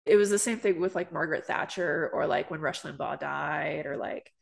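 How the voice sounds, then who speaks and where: A woman's voice: low voice, normal speed, gravelly. A young woman from Canada co-hosting a podcast, chatting casually and filling her sentences with "like" and "um". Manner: chatty, lots of "like" and "um" fillers. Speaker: podcast co-host. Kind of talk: casual chat.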